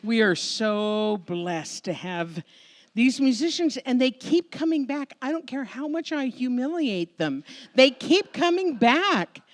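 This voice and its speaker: An American woman minister giving a Sunday sermon, telling a personal story in a conversational, emotional, expressive way before a congregation. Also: sits high, takes it slowly. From United States. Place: church sanctuary before a congregation.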